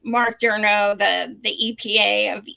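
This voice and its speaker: Woman, young adult, livestream co-host, blunt, profane, bright voice, unhurried. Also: medium pitch, vocal fry, lo-fi sound. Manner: blunt, profane and animated, laughs often. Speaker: co-host of a political live stream. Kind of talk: casual livestream talk.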